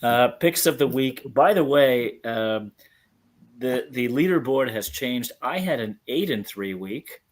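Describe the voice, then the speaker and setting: A man's voice: mid-range voice, expressive, unhurried. Joking male podcast host. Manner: jokey, rambling with restarts. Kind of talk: casual sports chat.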